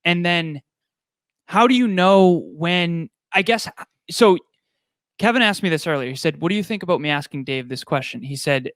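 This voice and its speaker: A man's voice: on the high side, moderate pace, fairly bright tone, dry recording, clean studio sound. A man hosting a coaching call, asking curious questions and explaining them plainly. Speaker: podcast host.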